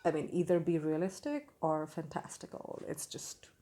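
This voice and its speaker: A woman's voice: deep voice, expressive, normal speed, dark tone. A young woman giving a casual, candid book review, opinionated and full of fillers and restarts.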